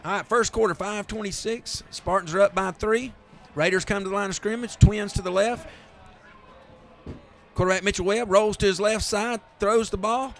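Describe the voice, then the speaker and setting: Southern guy doing high school football play-by-play, high voice, gets loud and hyped on long runs. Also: normal speed. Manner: excitable, rises to near shouting on big plays. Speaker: play-by-play announcer.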